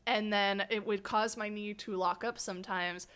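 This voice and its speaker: A woman hosting an interview, telling rambling anecdotes in a casual, animated way and laughing often. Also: mid-range voice, normal speed, clear, resonant tone. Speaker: host interviewing a fellow scare actor. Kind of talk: casual storytelling chat.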